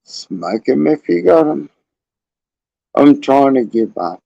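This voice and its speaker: A man's voice: medium pitch, very animated, slow pace, gravelly, mellow, no room sound, highs cut off. An Australian man in his forties, rambling casually and chuckling often as he hosts his livestream. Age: 40s. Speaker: livestream host.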